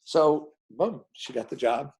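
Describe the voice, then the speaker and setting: A film director being interviewed, telling behind-the-scenes stories and acting out the dialogue of the people in them. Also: male voice, on the high side, takes it slowly, rough recording. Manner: animated, acts out dialogue in quoted voices. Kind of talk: anecdotal storytelling in an interview.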